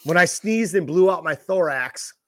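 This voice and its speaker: A man's voice: a little high, animated, normal speed, a bit bright, no echo, clean studio sound. A man co-hosting a podcast, telling stories animatedly in crude casual chat and swearing freely. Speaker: podcast co-host.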